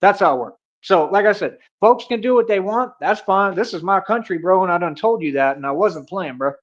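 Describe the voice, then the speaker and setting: A man's voice: high-pitched, lively intonation, fairly quick, muffled recording. A young American man streaming a casual rant. He is boastful and confrontational, and he talks in street slang. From United States.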